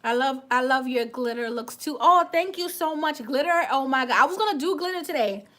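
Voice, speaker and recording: Woman, high voice, light West Indian accent, casual livestream chat, chatty, stumbles over words. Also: animated, a little fast, fairly bright tone. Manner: chatty, reads out and thanks viewers, restarts words. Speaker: beauty vlogger on a livestream.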